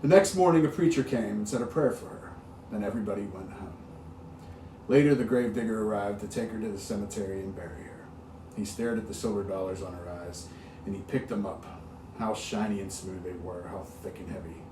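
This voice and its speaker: A man's voice: fairly low pitch, brisk, mellow. A man reading a ghost story aloud, dramatic and full of sound-effect words. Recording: roomy, distant mic with faint hiss.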